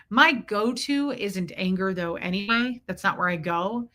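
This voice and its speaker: A woman's voice: medium pitch, slow, sharp tone. A woman in her forties hosting a casual livestream, rambling and thanking viewers by name as she talks. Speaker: livestream host.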